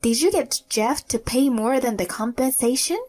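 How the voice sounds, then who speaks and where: A woman's voice: fairly high pitch, expressive, moderate pace, a little mellow, soft background music. A woman voicing a pushy, anxious young pregnant woman in a narrated story. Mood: indignant.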